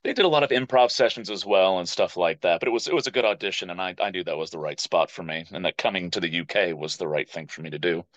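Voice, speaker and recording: An American man in his thirties tells stories as a podcast guest. He is animated and likes to act out what other people said. His voice sits fairly low, and the recording is dry and a little dull. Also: fast talker, few pauses, dry recording. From United States. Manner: animated storyteller who acts out quoted voices. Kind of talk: casual interview storytelling.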